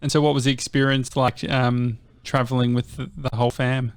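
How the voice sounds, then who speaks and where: A man's voice: mid-range voice, level tone, normal speed, clear, resonant tone. A man with an Australian accent co-hosting a podcast, asking friendly follow-up questions. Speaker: podcast co-host. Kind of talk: casual interview questions.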